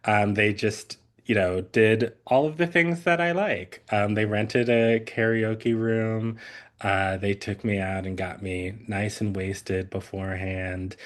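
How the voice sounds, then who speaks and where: A man in his thirties chatting on a podcast, rambling and full of fillers, often laughing. His voice sits fairly low and he takes his time. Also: steady tone, slow pace. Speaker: podcast co-host. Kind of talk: casual chat.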